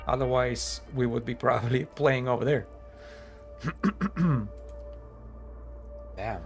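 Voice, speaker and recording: A man chatting through a live game stream, talking things through aloud with plenty of fillers and slightly non-native phrasing. His voice sits at an ordinary middle pitch and sounds worn from hours of talking. Faint music plays behind him. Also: takes it slowly, gravelly, a little mellow. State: voice tiring after hours of talking. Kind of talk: casual live-stream commentary.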